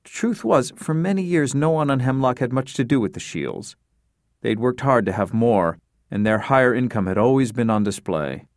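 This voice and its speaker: A man with a mid-range voice narrates a scripted audiobook in a steady, measured storytelling manner, recorded dry at studio quality.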